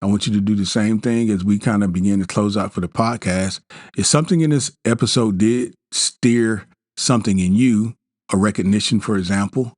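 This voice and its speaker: A man hosting a podcast, talking listeners through a bedtime self-help practice in a slow, gentle, repetitive way, with restarts and fillers. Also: on the low side, no echo, clean studio sound. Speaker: podcast host. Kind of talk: guided self-help talk.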